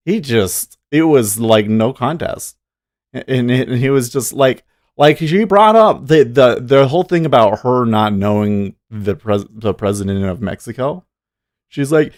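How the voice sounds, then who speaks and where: A man's voice: mid-range voice, sing-song, a little slow, no room sound, studio quality. A man hosting a day-trading livestream, giving rambling, opinionated commentary and answering chat. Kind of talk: casual live-stream commentary.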